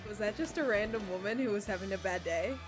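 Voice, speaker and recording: A woman reacting to a movie with quick exclamations. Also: medium pitch, over music.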